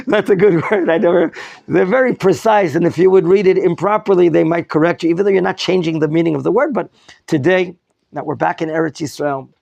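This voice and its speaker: Gravelly, fairly high-voiced male teacher. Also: no room sound. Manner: lively teacher, quizzing students, mixing in Hebrew terms. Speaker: rabbi teaching a Torah class. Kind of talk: classroom Bible lesson. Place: classroom.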